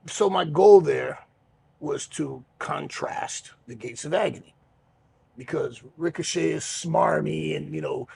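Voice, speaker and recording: Casting: middle-aged male podcast host, deep gravelly fry, slightly high-set voice, loose and profane storyteller. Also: a little slow, a little hiss or hum. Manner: relaxed, rambling, swears freely, many fillers. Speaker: podcast host and pro wrestler. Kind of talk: casual storytelling chat.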